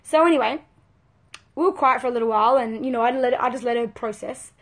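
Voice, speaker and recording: A woman with a high, bright-sounding voice speaks as a parenting coach to her live viewers. She talks in a conversational, earnest way and leans hard on her key points. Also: quick pace. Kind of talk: live video talk to viewers.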